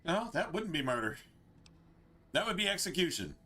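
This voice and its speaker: A male streamer giving casual commentary as he plays a video game, joking about the characters and swearing freely. His voice is bright and sharp, pitched a little high for a man. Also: sing-song, moderate pace. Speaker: gameplay streamer. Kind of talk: casual commentary over gameplay.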